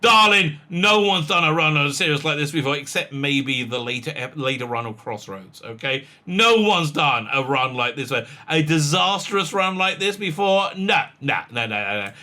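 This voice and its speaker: A man's voice: on the high side, animated, moderate pace, hardly any pauses, sharp tone. A man giving sarcastic commentary, reading quotes aloud with lots of fillers and laughs. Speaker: commentary vlogger.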